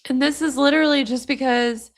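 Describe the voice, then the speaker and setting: A woman's voice: high-pitched, fairly even intonation, a little fast. A woman hosting a live stream, chatting casually and speaking straight to her viewers. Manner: chatty, addresses viewers directly.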